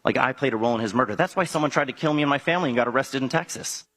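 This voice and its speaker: A man talks quickly and insistently, defending himself. His voice is bright and a little husky. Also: medium pitch. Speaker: speaker in a played clip.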